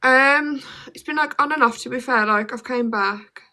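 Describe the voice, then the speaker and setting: Young black country woman chatting on her phone live, clear bright voice, says like a lot. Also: high voice, normal speed. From Birmingham, England. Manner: chatty, lots of "like" fillers. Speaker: livestreamer. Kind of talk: casual chat on a phone livestream.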